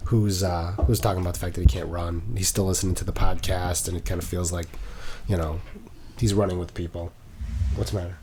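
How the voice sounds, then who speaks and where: Relaxed teasing male podcast host. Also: sits low, brisk, noisy background. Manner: relaxed, teasing, does shout-outs. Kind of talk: casual chat.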